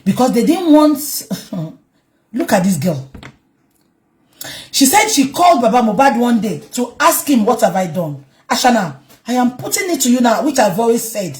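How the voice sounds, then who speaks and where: A woman with a Nigerian Yoruba accent giving heated commentary as a vlogger, speaking emphatically and breaking into shouts. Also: on the high side, big pitch swings, normal speed. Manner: emphatic, switches between English and Yoruba, bursts into shouting. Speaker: online commentator.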